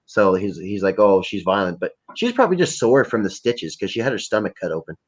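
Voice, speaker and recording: A man's voice: lowish voice, sing-song, fast, slightly rough. A young man hosting a livestream, telling rambling, profane, jokey stories in casual chat. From Canada. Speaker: livestream host. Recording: dull lo-fi stream audio.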